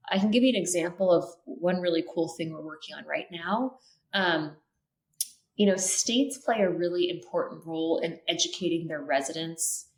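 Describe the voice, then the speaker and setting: A woman in her thirties from Minnesota talks through clean energy policy as a podcast guest, earnest and full of ums and self-corrections. Her voice sits a little low. The room around her gives a noticeable echo. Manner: earnest, many filler ums and restarts. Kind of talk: podcast interview. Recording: roomy echo.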